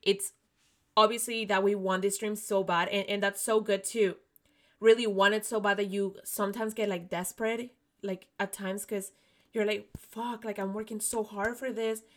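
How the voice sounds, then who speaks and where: A young woman hosting a podcast in casual chat, excitable, swearing freely and saying "like" all the time. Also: mid-range voice, moderate pace. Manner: excitable, swears a lot, says "like" constantly. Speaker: podcast host.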